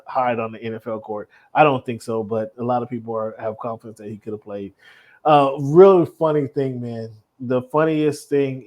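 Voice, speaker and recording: A man co-hosting a casual sports talk show, telling stories with frequent laughter and lively asides. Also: medium pitch. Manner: animated storyteller, laughs often. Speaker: podcast co-host.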